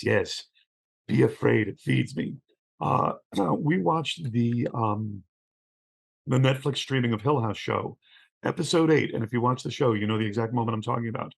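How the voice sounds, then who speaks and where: A man's voice: mid-range voice, creaky, slightly rough. A middle-aged man, a guest who studies horror, telling film stories in conversation and acting out quoted lines with lots of restarts. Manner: acts out scenes with quoted voices, frequent restarts. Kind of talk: animated storytelling in conversation.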